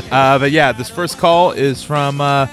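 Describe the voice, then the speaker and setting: Man, middle-aged podcast host, casual cursing banter, faint music. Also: mid-range voice. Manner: profane, joking, trails off quietly.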